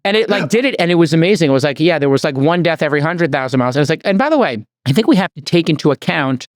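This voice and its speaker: A man hosting a podcast, rattling through rambling stories at a quick clip. His delivery is animated and chatty, with a dry, close studio sound. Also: fairly high pitch, dry recording. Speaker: podcast host. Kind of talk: casual chat.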